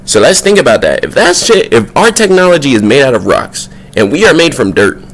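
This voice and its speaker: A man talking casually to camera in a spiritual vlog, slangy and profane, his voice jumping up high whenever he gets worked up. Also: fairly quick. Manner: excitable, slangy and profane, voice leaping up when worked up. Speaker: vlog host.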